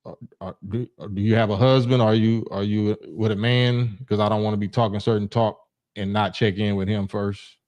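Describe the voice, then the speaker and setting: Blunt streetwise man, lowish voice. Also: flat delivery, normal speed, a little mellow. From Los Angeles. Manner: blunt, streetwise slang, frequent restarts. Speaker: livestream host. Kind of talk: casual call-in talk.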